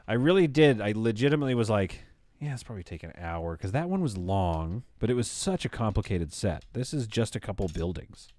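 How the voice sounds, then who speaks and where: A man's voice: low voice, a little mellow, dry recording, studio quality. A man in his thirties chatting casually on a live stream as he builds, rambling in a stream-of-consciousness way.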